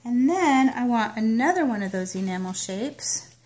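A woman's voice: a little high, expressive, moderate pace, a little mellow. A woman demonstrating card making, chatting casually as she works and narrating each step. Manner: chatty, self-narrating while working. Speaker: papercraft demonstrator. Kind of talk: casual crafting tutorial.

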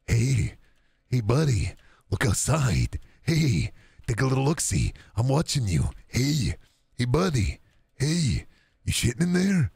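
A man voicing a creepy leering male peeper who taunts someone in a bathroom, with a raspy gravelly voice. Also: medium pitch, very animated, slow, a little mellow, no room sound, studio quality, full character voice.

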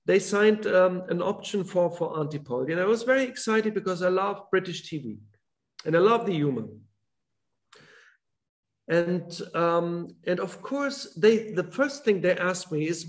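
A German man speaks English as a guest author, his voice sitting a little high for a man. He talks hesitantly, stopping and restarting with many fillers. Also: expressive, a little slow. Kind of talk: online talk.

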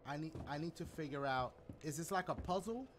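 A man playing a video game and reacting aloud, swearing and yelling at the game and chatting to his viewers. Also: a little high, a little fast, noisy background. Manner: talks to viewers as "y'all". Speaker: gaming video host. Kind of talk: let's play commentary. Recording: loud game sounds behind voice.

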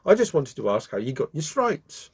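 A man's voice: on the high side, very animated, moderate pace, vocal fry, slightly rough, heavily acted. A man voicing a vain, polite young bee. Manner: apologetic, politely eager.

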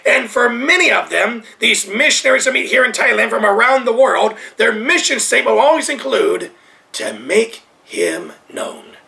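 A man's voice: very high voice, lively intonation, a little fast, vocal fry, hardly any pauses. A man from the United States preaching a sermon, repeating his points with emphasis and dropping to near whispers. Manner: repetitive emphatic preaching, swinging from loud to hushed. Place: Thailand.

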